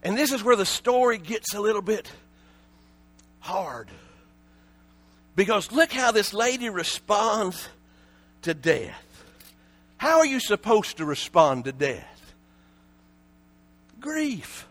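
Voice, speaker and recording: A man preaching a sermon with passion, often raising his voice to a shout and repeating words in quick bursts. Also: sits high, sing-song.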